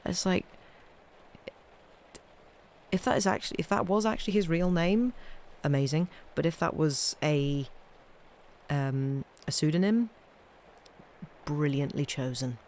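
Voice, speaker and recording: On a live stream, a woman reads old ghost stories aloud and chats wryly between tales, softly trailing off at the ends of sentences. Her voice is low and unhurried, with long pauses.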